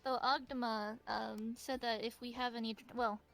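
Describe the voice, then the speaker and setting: A woman's voice: on the high side, flat delivery, moderate pace, creaky, fairly bright tone, faint music behind. A woman roleplaying casually, friendly and giggly, explaining diplomatic talks. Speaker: roleplayer, character named Runa. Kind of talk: casual in-character chat.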